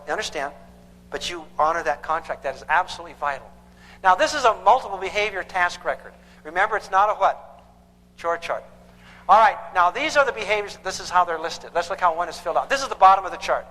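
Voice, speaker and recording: A man's voice: sits high, pushed and bright. A man giving a parenting seminar, emphatic and lecturing, who keeps quizzing his audience with questions. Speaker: parenting counselor. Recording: echoey hall with long reverb.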